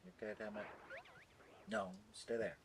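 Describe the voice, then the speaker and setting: A man's voice: lowish voice, fairly even intonation, moderate pace, noisy background. A man streaming from home who keeps talking to his two dogs, half scolding and half coaxing them, with some swearing and baby talk.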